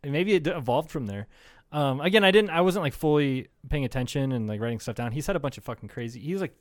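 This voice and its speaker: A man's voice: mid-range voice, animated, quick pace, dry recording. Young male co-host, loose and profane, rambles through stories, dry studio sound. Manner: rambling, profane, laughs a lot, acts out quotes. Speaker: podcast co-host. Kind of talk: casual comedy podcast chat.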